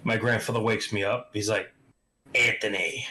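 A man's voice: mid-range voice, moderate pace, bright, forceful tone, low-quality recording. A man appearing as a guest on a livestream, telling stories in a blunt, profane, self-mocking way. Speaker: guest, streamer. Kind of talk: casual storytelling chat.

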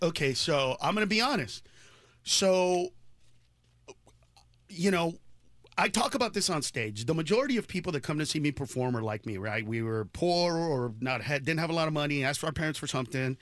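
Middle-aged comedian guy telling stories on a podcast, gets loud and laughy, dry sound. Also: fairly high pitch, moderate pace, no room sound. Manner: animated, bursts into loud laughing shouts when acting out stories. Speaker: stand-up comedian guest. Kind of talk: candid storytelling on a podcast.

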